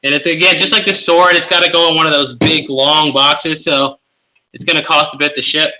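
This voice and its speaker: Bright-voiced man presenting auction items. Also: fairly high pitch, steady tone, brisk, poor audio. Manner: casual, describes items for sale. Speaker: live auction host. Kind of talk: live-stream auction presentation.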